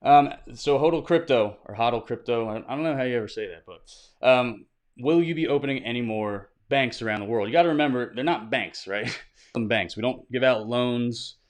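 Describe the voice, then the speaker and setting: A man's voice: mid-range voice, moderate pace. A man hosting a weekly livestream Q&A, reading viewer questions aloud and answering off the cuff in an upbeat, conversational way. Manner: upbeat greeting viewers by name. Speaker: host of a weekly crypto livestream. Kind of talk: casual livestream Q&A.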